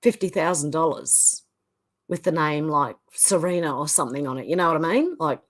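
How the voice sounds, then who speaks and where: A woman's voice: low-pitched, lively intonation, normal speed. A middle-aged woman hosting a livestream, reading viewer comments aloud and chatting loosely between them. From Australia. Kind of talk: casual chat.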